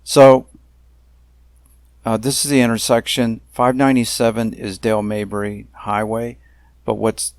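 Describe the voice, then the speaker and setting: A man with a fairly low voice narrates a slideshow presentation at a measured pace. He leans hard on key words, pausing often with ums and uhs. The recording is dry and close, with no room sound. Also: level tone, a little mellow, no room sound. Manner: deliberate and emphatic, with frequent pauses and fillers. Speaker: narrator of a self-made video complaint series.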